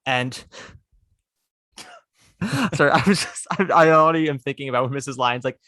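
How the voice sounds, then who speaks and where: Animated podcast host, dry close mic. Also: male voice, mid-range voice, moderate pace, no room sound. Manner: animated, recounting plot with asides and laughs. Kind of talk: casual chat.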